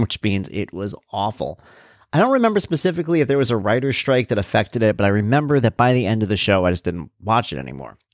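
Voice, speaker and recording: A man's voice: mid-range voice, no echo, studio quality. A man talking casually about TV shows, chatty and wry, drifting from one tangent to the next. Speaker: vlogger and father. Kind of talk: casual rambling chat.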